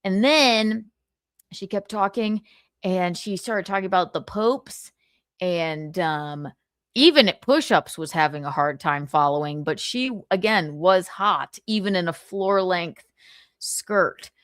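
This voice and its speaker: A woman livestream host telling a sassy, animated story in casual chat, laughing often. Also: lowish voice, slow pace, no echo, studio quality.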